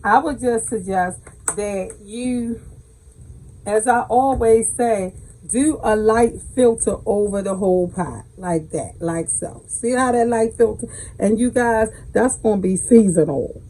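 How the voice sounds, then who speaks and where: Chatty Southern woman with husky warmth. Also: medium pitch, unhurried, poor audio. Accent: Southern American. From Southern United States. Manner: folksy, calls viewers baby, chatty and emphatic. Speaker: cooking channel host. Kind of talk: casual cooking tutorial. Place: home kitchen.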